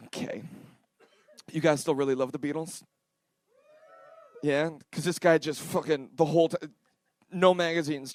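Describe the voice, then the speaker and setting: A man's voice: a little high, dry recording. A young man from Canada doing a rambling, self-deprecating stand-up set on a comedy club stage, riffing with the crowd through a handheld mic.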